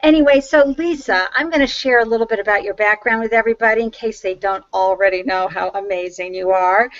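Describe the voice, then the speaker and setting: A woman's voice: medium pitch, fast talker, no echo, lo-fi sound. A woman with a Boston accent hosting an interview show, gushing and effusive as she introduces her guest. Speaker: host.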